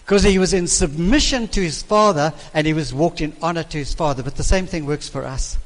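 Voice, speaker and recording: A man's voice: on the high side, brisk. An older man, a minister, teaching in an emphatic preaching manner and repeating key phrases. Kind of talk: sermon-style teaching. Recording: reverberant hall.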